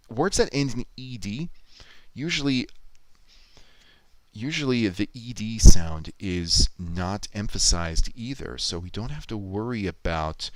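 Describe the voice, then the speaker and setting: A man's voice: on the low side, slight background noise, poor audio. A man chatting casually on a livestream, thinking aloud and reading viewer comments out. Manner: musing, thinks aloud, reads chat comments out. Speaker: livestreamer editing a video.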